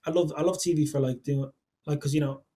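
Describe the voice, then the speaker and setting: A man's voice: a little high, steady tone, fast, warm tone. A young man in his twenties, a podcast guest and songwriter, talking casually, rambling with lots of fillers and poking fun at himself. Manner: rambling, filler-heavy, self-deprecating.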